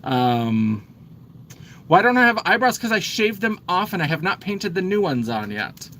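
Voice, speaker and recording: A man's voice: high voice, sing-song, a bit bright, a little hiss or hum. Chatty man rambling through his makeup. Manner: talks while busy with makeup, pausing and trailing off. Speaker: drag performer getting ready for a show. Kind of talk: casual livestream chat while doing makeup.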